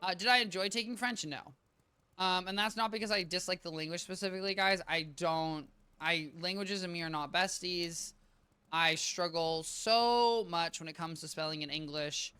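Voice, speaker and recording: A man streaming a game, chatting casually with viewers in a rambling, self-interrupting way, a little tired and low on energy. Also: moderate pace, sharp tone, smooth, no room sound. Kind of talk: casual live-stream gameplay chat. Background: game music.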